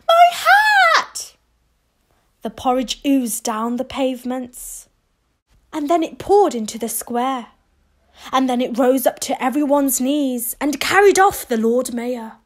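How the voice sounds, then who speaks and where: A woman reading a children's picture book aloud, expressive, with gasps and whispered asides. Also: fairly high pitch. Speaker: children's story reader.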